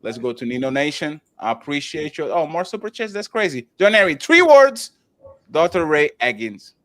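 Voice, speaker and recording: A man's voice: a little high, sing-song, moderate pace, fairly bright tone, no room sound. A man hosting a live-streamed talk show, chatting loosely, stumbling over restarts and thanking viewers by name. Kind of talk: casual live-stream chat.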